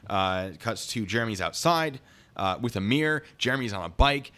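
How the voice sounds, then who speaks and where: A man telling a story on a live stream, excitable and rambling. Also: fairly low pitch, moderate pace.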